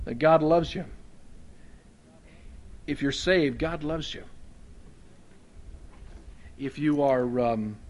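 In the role of a Baptist pastor, this medium-pitched man preaches conversationally and folksily. He mixes in humorous asides and moves between loud emphasis and soft, quiet passages.

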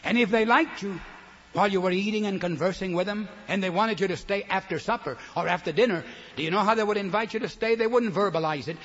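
An older man preaching a sermon, emphatic, swinging between loud declarations and soft, low asides. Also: fast. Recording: long hall reverb, dull lo-fi sound.

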